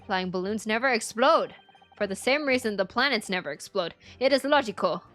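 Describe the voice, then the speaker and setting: A woman's voice: mid-range voice, expressive, brisk, fairly bright tone, faint music behind, lightly acted. Woman doing a bratty boy prince, fake french-ish accent, stiff broken english, whiny and proud. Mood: pompous. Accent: put-on French-like foreign accent. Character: spoiled pompous boy prince, boastful and petulant.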